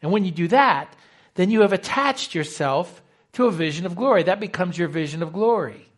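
Male pastor, slightly high voice, lively sermon delivery that acts out quotes. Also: a little fast. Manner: animated preaching, acts out quoted dialogue.

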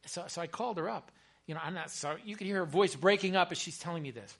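Bright-voiced male chaplain preaching. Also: high voice, fast talker, creaky. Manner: earnest, repeats words, builds to bursts of excitement. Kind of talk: sermon storytelling.

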